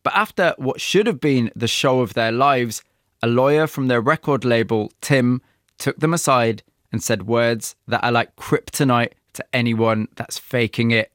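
A man's voice: mid-range voice, unhurried, a bit bright, no room sound. Guy hosting an interview, asks pointed questions, reads scripted bits in between, dry close mic. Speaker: interviewer and narrator. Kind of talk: podcast interview with narrated links.

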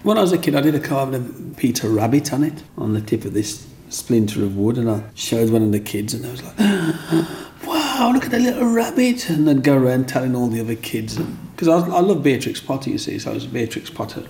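A man, telling rambling, animated stories from his childhood in an interview and acting out other people's voices. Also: mid-range voice, fast talker, few pauses, a little hiss or hum. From Black Country, England. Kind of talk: storytelling interview.

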